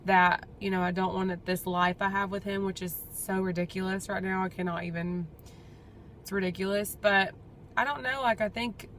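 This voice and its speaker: Chatty, gravelly-voiced woman vlogging. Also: mid-range voice, fairly even intonation, moderate pace, a bit bright, slight background noise. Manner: chatty, rambling, heartfelt. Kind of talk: casual personal update vlog.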